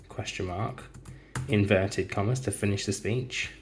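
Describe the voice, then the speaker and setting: A male teacher typing out a model story as he speaks, reading each word and punctuation mark aloud in a slow, deliberate way. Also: lowish voice, steady tone.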